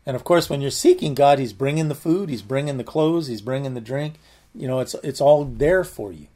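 A man's voice: mid-range voice, brisk, mellow. A man giving conversational Bible teaching, earnest, often repeating and restarting his words.

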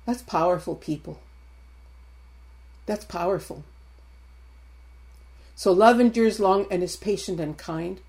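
A woman's voice: lowish voice, slow pace, pauses often, darkish tone. A woman in her sixties preaching a sermon. She speaks emphatically and repeats her points, calling out directly to the congregation.

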